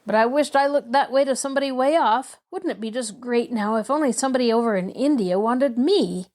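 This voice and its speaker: A woman's voice: fairly high pitch, fairly quick, a little mellow, close to an everyday voice. A woman doing a proud plainspoken orphan boy. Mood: earnest.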